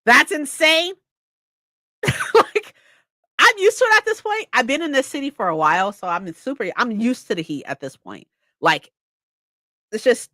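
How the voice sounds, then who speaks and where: A woman's voice: high voice, big pitch swings, normal speed, pauses often, sharp tone, no room sound. A young woman from California chatting casually with viewers, swearing freely and laughing often. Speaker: streamer. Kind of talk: casual chat.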